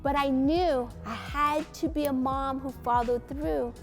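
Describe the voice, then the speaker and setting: High-voiced woman pastor telling a story. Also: unhurried. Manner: animated storytelling, acts out quotes. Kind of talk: parenting talk with a personal story. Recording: faint music behind.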